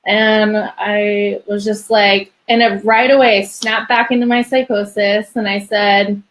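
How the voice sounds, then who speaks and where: A woman's voice: medium pitch, flat delivery, a little slow. A young woman as a podcast guest, telling a personal story in a chatty way, full of "like" and small laughs. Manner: chatty, many "like"s, laughs between phrases.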